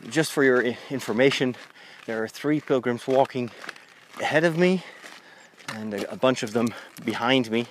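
A man's voice: medium pitch, moderate pace. A male priest chatting on the move, his mid-range voice easygoing and rambling with lots of restarts. He records outdoors on a country path with a lavalier clipped to his phone, and a faint hiss of noise sits underneath. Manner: rambling, conversational, with frequent restarts. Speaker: Catholic priest and podcaster. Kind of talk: chatty walking podcast monologue. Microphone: lavalier mic on a phone.

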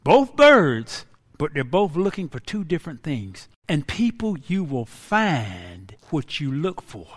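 Animated preacher in his sixties. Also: fairly high pitch, slow pace, slightly rough. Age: 60s. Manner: dramatic, animated preaching with wailing quoted laments. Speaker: pastor. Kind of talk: sermon. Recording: long hall reverb.

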